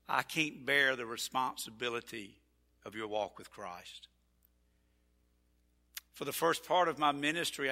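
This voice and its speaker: A man preaching a sermon as pastor, folksy and animated, repeating his phrases. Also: mid-range voice. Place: church sanctuary. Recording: church hall reverb.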